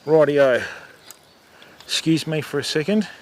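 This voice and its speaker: A man's voice: on the high side, unhurried, a little hiss or hum. A middle-aged Australian man hosting a fishing livestream outdoors, chatting casually with viewers and calling them mate. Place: outdoors by the water.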